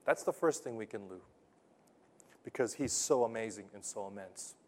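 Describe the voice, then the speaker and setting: A man preaching a sermon, telling a story with lively swings between loud, punchy lines and hushed, earnest ones. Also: fairly low pitch, normal speed. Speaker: pastor.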